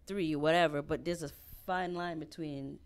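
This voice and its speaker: A woman with a notably low voice, co-hosting a casual talk show. She explains her points thoughtfully and restarts some words along the way. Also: fairly even intonation, normal speed. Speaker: co-host. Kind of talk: casual chat.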